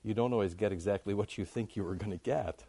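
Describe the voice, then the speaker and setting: A man giving an informal, conversational sermon to his congregation, jumping up high in pitch to make a point. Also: fast talker, dry recording. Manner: conversational, animated, rises high for emphasis. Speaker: pastor.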